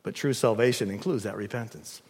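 A man preaching a sermon in an emphatic, animated way, asking the listeners rhetorical questions. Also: fairly low pitch, fairly quick, husky, in a large hall.

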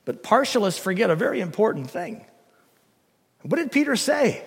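Animated man preaching in a reverberant hall. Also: very high voice, moderate pace, gravelly, husky. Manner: animated, emphatic preaching with rhetorical questions. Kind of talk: sermon.

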